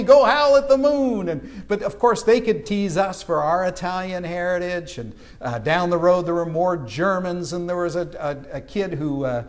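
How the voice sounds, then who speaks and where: A man from Canada preaching a sermon, telling a childhood story and acting out the voices of people in it. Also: on the high side. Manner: storytelling, animated with acted-out quotes. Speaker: pastor. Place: church sanctuary.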